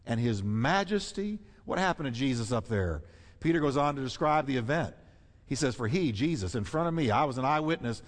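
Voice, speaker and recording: A man preaching a sermon with emphatic delivery, rising to loud high peaks and dropping to hushed asides. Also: big pitch swings, a little fast. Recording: long reverb of a large hall.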